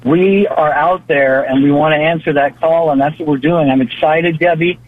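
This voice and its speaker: A man's voice: a little high, fairly even intonation, moderate pace. Earnest young man over a tinny phone line. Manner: earnest, appealing. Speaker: seminarian co-host. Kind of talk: casual radio talk by phone.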